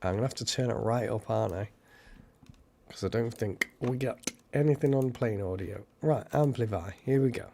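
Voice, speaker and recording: A man hosting a casual live stream, chatty and excitable, thanking viewers by name. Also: mid-range voice, normal speed, gravelly, slight background noise.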